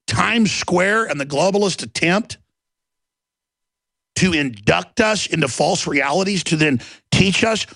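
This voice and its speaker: A man's voice: high-pitched, animated, measured pace, creaky, long pauses, fairly bright tone, dry recording. A man hosting a talk radio show, delivering an intense, rambling monologue with emphatic outbursts. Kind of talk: ranting monologue. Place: radio studio.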